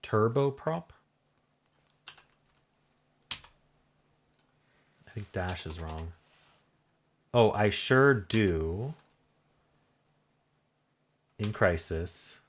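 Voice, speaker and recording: A man thinking aloud as he solves a crossword, muttering in halting self-talk with half-voiced asides. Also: lowish voice, animated, a little hiss or hum. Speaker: crossword solving channel host. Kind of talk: thinking aloud while solving a puzzle.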